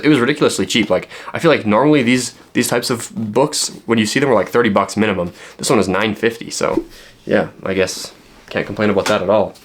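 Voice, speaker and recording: Man, low-pitched voice, casual book vlog, rambling with lots of ums, joky asides. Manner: rambling, filler-heavy, joking asides. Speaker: book vlogger. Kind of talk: casual book haul chat.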